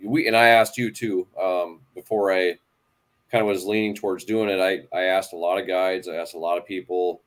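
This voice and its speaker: Low-voiced fishing channel host. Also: male voice, moderate pace. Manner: relaxed questioner, reads viewer questions. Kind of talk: casual live-stream chat.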